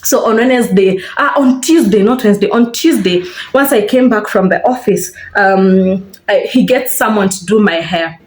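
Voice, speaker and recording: A young woman vlogger with a Kenyan accent does a casual storytime while doing her hair, retelling events in a chatty, animated way and putting a bit of life into the lines she quotes. Her medium-pitched voice moves at a moderate pace with few pauses. It's a simple phone-camera recording with a roomy sound.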